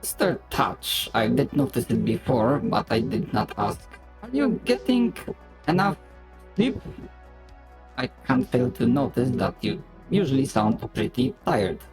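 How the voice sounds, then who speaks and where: A man voicing a calm, formal male medical robot in voice chat role-play, with a polite and clinical manner. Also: medium pitch, measured pace, faint music behind, poor audio. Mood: concerned.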